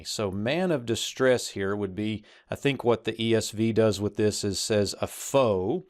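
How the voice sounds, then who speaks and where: Male Hebrew teacher reading slowly. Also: medium pitch, dry recording, clean studio sound. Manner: slow, careful reading of verses, explanatory tone. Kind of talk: verse-by-verse language lesson.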